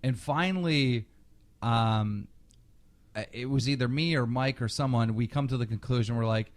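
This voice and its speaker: Male podcast host, lively storyteller who acts out the quotes. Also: mid-range voice, moderate pace.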